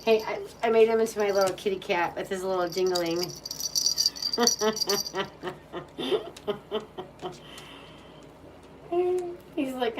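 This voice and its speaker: A woman's voice: medium pitch, expressive, extremely slow, pauses often. A woman tarot reader chatting casually and cooing in baby talk to her dog. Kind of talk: casual chat. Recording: distant mic with faint background hum.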